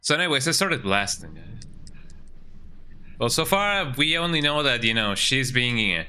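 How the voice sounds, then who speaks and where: A man's voice: medium pitch, sing-song, normal speed, pushed and bright, clear, resonant tone. A young man streaming a horror game, joking around in casual commentary and tagging his lines with "eh?". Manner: playful, jokey, keeps tagging lines with "eh?".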